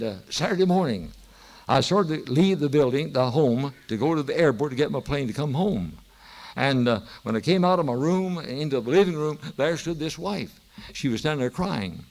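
A man's voice: mid-range voice, expressive, normal speed. A man preaching a sermon, telling a story and rising to emphatic exhortation.

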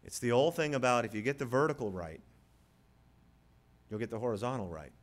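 A man preaching a sermon as pastor, moving from quiet storytelling to loud, rising appeals. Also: medium pitch, animated, a little fast.

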